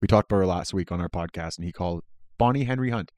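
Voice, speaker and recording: A man with a low voice chats on a podcast in an easygoing way. He agrees a lot and jokes along. The recording is dry and close. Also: quick pace, a little mellow, no echo. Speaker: podcast co-host. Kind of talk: casual chat.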